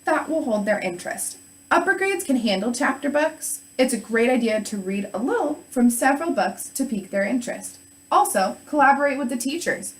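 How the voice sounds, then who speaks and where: A woman school librarian giving tips on reading aloud, upbeat and expressive. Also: high-pitched, a little fast, rough recording. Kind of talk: instructional chat.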